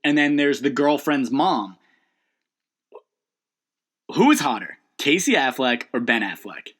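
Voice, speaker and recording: A man co-hosting a podcast in casual chat, laughing often and talking in halting bursts with fillers. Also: mid-range voice, lively intonation, fairly bright tone. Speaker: podcast co-host.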